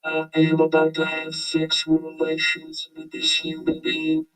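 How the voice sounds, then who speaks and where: A slow, drawling robot man voiced by a man talks in a dead-flat, mechanical monotone. He sounds like a machine trying to be a folksy politician. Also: fairly high pitch, faint music behind, voice pushed down, rough recording. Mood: mock solemn. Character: male robot with southern drawl. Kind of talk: comedic impression.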